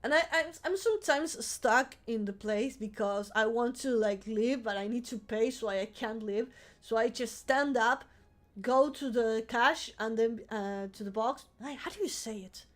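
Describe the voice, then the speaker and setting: On her live stream, a woman vtuber spins a rambling story in casual chat, with plenty of swearing and frequent laughter. She speaks at a normal speed, her voice on the high side.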